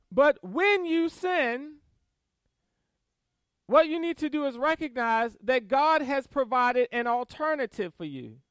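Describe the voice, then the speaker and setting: A man preaches with a high, lively voice that swings up and down as he reads verses and presses each point home. He breaks into quick asides and soft laughs. The sound is dry and close, with no room echo. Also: smooth. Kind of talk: sermon. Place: church service.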